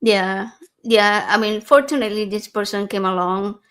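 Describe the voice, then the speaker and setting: A woman's voice: medium pitch, steady tone, normal speed, a bit bright. A woman talking earnestly and personally in a casual podcast conversation, with frequent fillers and restarts.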